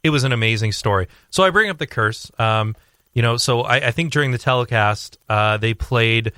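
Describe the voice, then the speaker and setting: Bright, crisp-voiced young man chatting sports. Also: mid-range voice, fairly quick, no room sound, clean studio sound. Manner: rambling, many fillers and restarts; animated storytelling. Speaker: sports commentator guest. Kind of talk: casual radio sports chat.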